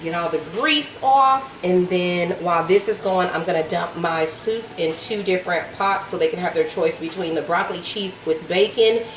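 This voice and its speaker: A young woman casually narrating her cooking for viewers, chatty and relaxed, calling them y'all. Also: lowish voice, moderate pace, hardly any pauses. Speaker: cooking vlogger. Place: home kitchen. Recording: echoey kitchen, far from the mic, sizzling pan.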